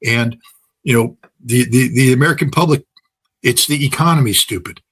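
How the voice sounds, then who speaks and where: A man with a slightly husky voice delivers political commentary without a script. He hammers his points home by repeating phrases, and leans on everyday examples between his ums and uhs. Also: mid-range voice, moderate pace, a bit bright. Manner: emphatic, repeats phrases for effect, frequent filler words; folksy, uses everyday examples and laughs at his own points. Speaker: political commentator, interview guest.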